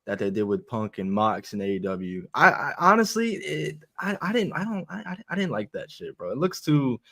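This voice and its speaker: A man chats bluntly on a wrestling podcast, swearing freely and tripping over his own restarts. His voice sits at an ordinary pitch. The recording is dry and close. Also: very animated, normal speed, fairly bright tone, no echo. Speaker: podcast co-host. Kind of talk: casual wrestling chat.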